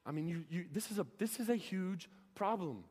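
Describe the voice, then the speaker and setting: A young male preacher delivering an earnest sermon, firing off rhetorical questions at his congregation. His voice sits a bit higher than most men's. It rings out through a church hall with a long reverb tail. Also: expressive, brisk, darkish tone, husky.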